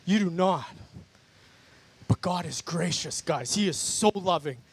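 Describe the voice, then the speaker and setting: An unhurried man with a high, breathy-edged voice and lively intonation gives his testimony as guest speaker to worshippers outdoors in a park. His preaching is fervent, emphatic, and repetitive, and he keeps calling them "guys."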